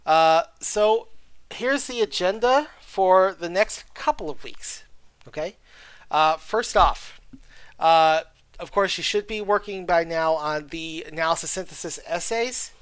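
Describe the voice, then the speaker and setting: Lecturer with a mid-range voice on a dry, close mic. Keeps asking "okay?" and fills pauses with "uh". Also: mid-range voice, fairly bright tone, smooth, no room sound. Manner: frequent "okay?" check-ins and "uh" fillers; reads textbook passages aloud. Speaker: college writing instructor. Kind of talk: recorded video lecture.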